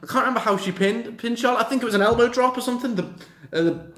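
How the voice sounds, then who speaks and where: A young man, chatting casually and excitably, swearing as he reacts. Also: very high voice, fast talker, echoey room. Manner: excitable, swears, mocks and acts out the wrestlers in little quips. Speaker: reaction vlogger. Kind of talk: casual chat.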